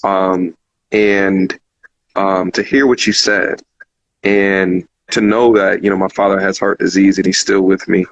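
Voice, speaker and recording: A man's voice: low-pitched, little pitch movement, unhurried, no room sound, low-quality recording. A man hosting a live call-in talk show, speaking casually and heartfelt, repeating phrases with many fillers. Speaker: show host.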